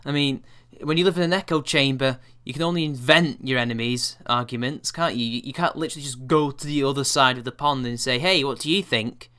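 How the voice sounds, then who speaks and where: A man's voice: medium pitch, a little fast, bright, forceful tone, clean tone. A man giving response-video commentary, rebutting with scorn and exasperation.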